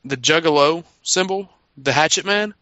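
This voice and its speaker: A man's voice: a little high, moderate pace, pushed and bright, no room sound. A man in a casual wrestling podcast chat, eager and rambling, with lots of fillers. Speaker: podcast co-host. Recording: dry, dull lo-fi audio.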